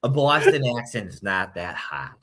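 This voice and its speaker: A man chats playfully, with jokes and quick rises and falls in his voice. His voice sits fairly low. He trades banter easily. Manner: playful, jokey, lively pitch swings. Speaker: podcast co-host. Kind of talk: casual chat about language building.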